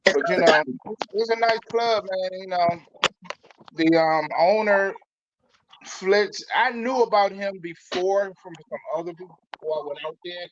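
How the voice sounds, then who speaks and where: Man, comedian, laid-back, high voice, lo-fi. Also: measured pace, a little hiss or hum. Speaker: stand-up comedian guest. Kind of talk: casual chat.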